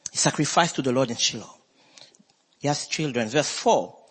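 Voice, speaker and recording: A man preaching a sermon as pastor, emphatic and swinging his voice between high and low. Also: normal speed, slightly rough. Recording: long hall reverb.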